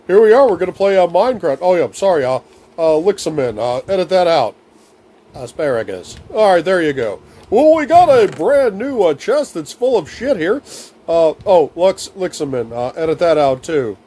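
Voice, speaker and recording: Playing through a game for laughs, a young gaming video host chatters in baby talk and made-up rhyming words. His voice is high-pitched and warm.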